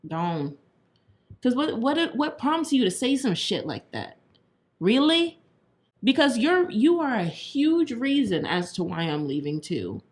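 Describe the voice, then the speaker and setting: A woman co-hosting a chatty podcast, venting with heat and plenty of swearing. Her voice sits at an ordinary middle pitch, and she speeds up when she gets worked up. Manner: heated, swearing, talks fast when worked up. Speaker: podcast co-host. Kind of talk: casual chat.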